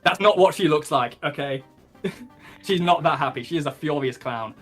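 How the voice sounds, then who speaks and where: Bright-voiced man running a tabletop game. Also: a little high, normal speed, faint music behind. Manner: rambling narration with many ums and likes, swearing. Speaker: game master.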